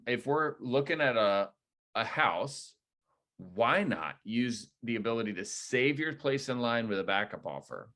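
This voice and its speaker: A man leading a real estate agent training, coaching in a direct, energetic way. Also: lowish voice. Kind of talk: training debrief talk.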